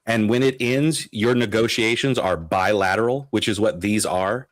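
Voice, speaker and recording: A man's voice: fairly low pitch, moderate pace, few pauses, no room sound. A man on a political panel, argumentative, laying out his points step by step. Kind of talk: heated panel debate.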